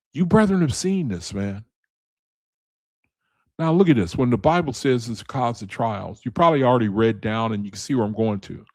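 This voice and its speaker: A man with a mid-range, darkish voice leads a casual Bible study for his viewers, calling them brethren and man. He speaks loosely and conversationally, repeating phrases and hammering the same point over and over. The sound is dry and close, with no room echo.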